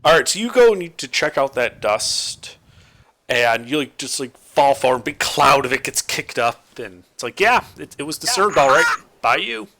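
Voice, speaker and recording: A young man narrating as game master of a tabletop game, describing scenes with lively, casual detail and fillers. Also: mid-range voice, normal speed.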